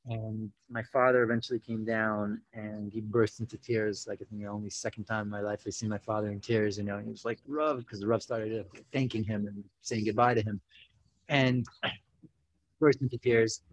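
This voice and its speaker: A man's voice: fairly low pitch, normal speed, rough recording. Young man telling a story. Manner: animated, full of 'you know, like' fillers, acts out quotes. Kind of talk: casual personal storytelling.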